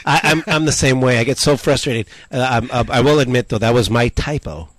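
A man's voice: medium pitch, brisk, a bit bright, dry recording. A man hosting a casual podcast in a garage, laid-back and agreeable. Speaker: podcast host.

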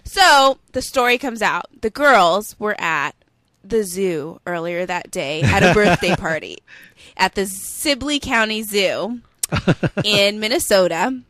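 Animated female radio storyteller. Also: mid-range voice, measured pace, dry recording. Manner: animated, acts out quotes, laughs. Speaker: radio show co-host.

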